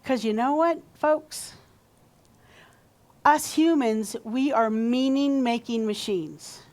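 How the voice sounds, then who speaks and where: Woman pastor, slow and chatty sermon delivery in a church, voice a touch high. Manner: warm conversational preaching, leads call-and-response. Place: church sanctuary.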